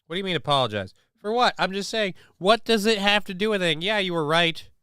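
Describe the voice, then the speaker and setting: With a high-pitched, fast, and forceful voice that's bright and smooth, a middle-aged live-stream host chats animatedly, reading news and rambling through sarcastic asides and mock-outraged questions. The studio-quality recording has no echo.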